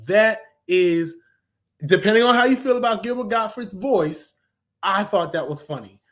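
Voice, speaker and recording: A man's voice: high voice, lively intonation, normal speed. A man giving a casual, rambling review of a cartoon, enthusiastic and full of ums and restarts.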